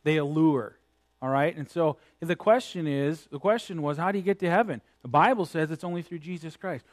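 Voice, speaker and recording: Male preacher, high-pitched, critical sermon delivery that builds in emphasis. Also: brisk.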